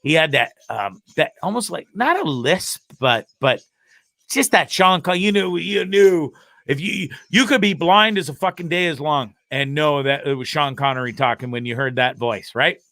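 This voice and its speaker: A man with a bright, forceful voice pitched a bit above the usual, hosting a live web show in a casual, profane way. He rants and laughs freely between topics. The sound is dry and close. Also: lively intonation, moderate pace, creaky, dry recording. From Canada. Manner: profane, ranting and laughing often. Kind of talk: casual live-stream chat.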